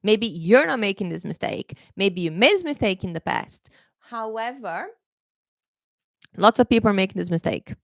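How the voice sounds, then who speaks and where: A woman's voice: mid-range voice, expressive, normal speed, creaky, no room sound. A woman who grew up speaking runs a live online pronunciation lesson. She talks in a chatty, informal way, stops to check in with "okay?" and corrects herself as she goes. Her voice sits in an ordinary middle range and sounds close and dry. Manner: chatty, repeats "okay?" often, self-correcting. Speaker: English pronunciation teacher.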